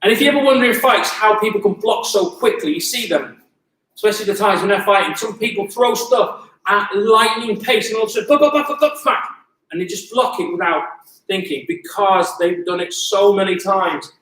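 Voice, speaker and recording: High-voiced man coaching a martial arts class. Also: brisk. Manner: energetic coaching with sound effects. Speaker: Muay Thai instructor. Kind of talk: online fitness class instruction. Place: gym. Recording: echoey room, voice from a distance.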